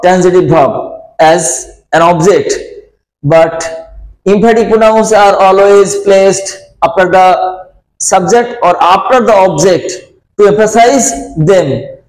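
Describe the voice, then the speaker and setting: A man teaching English grammar in a deliberate classroom manner, repeating his points and pausing with "uh" as he explains. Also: high voice, darkish tone, echoey room, low-quality recording.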